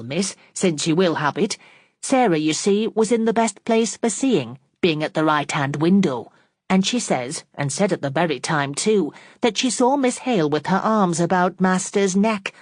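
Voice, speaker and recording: A woman's voice: on the low side, expressive, moderate pace, a little mellow, dry recording, studio quality, voice pushed up. A woman doing a knowing, plainspoken maid. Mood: gossiping. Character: plainspoken gossiping female servant.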